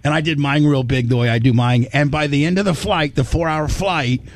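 A man's voice: on the high side, fairly quick, no room sound. A man hosting a radio show, rambling and stammering as he reminisces on a call. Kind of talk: emotional radio phone conversation.

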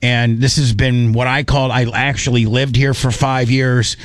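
A man's voice: mid-range voice, level tone, unhurried, no echo. A man hosting a radio show in his studio, rambling and stammering through emotional casual banter. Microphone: studio microphone.

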